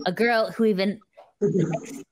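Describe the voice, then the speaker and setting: A woman's voice: mid-range voice, slow, darkish tone. A woman voicing a cocky young male pop singer with swaggering, slangy delivery. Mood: earnest.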